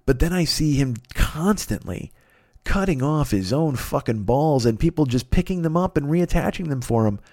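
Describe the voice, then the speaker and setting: A man hosting a podcast, delivering a profane, incredulous comedic rant and mocking people in a high whiny voice. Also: expressive, moderate pace, darkish tone, dry recording. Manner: heavy swearing, ranting, incredulous; mocks others in a high whiny voice. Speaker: podcast host.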